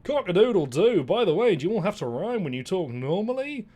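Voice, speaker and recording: A man voicing a loud, pushy rooster in a storybook read aloud during a game stream, crowing in a shrill, rhyming sing-song. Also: big pitch swings, a little fast. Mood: chatty.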